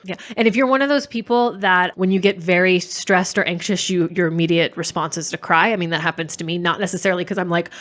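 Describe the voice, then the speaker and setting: Low-voiced woman co-hosting a podcast. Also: fairly even intonation, fast, few pauses, fairly bright tone. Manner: candid, reflective. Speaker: podcast co-host. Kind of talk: casual conversational chat.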